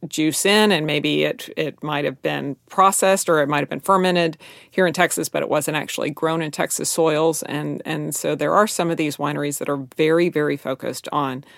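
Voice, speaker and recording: Gravelly woman talking wine on a show. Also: low voice, normal speed, no room sound, studio quality. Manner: animated, trails off softly at ends of phrases. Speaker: co-host, wine expert. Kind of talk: casual chat about wine.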